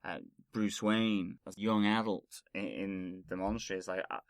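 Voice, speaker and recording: A man's voice: deep voice, steady tone, normal speed, clean tone, no room sound. A man co-hosting a film review podcast, talking in a rambling, casual way with frequent restarts. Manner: rambling, restarts phrases, laughs easily. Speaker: podcast co-host.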